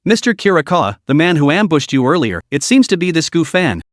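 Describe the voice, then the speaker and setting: A man's voice: fairly high pitch, big pitch swings, brisk, dry recording. Give me a man playing a sly, scheming young woman, dry close sound. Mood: insinuating. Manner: confiding, insinuating.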